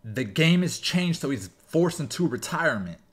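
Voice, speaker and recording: A man hosting a music reaction video, reacting excitedly and explaining rap lyrics line by line with laughs. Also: fairly high pitch, moderate pace. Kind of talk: casual music reaction commentary.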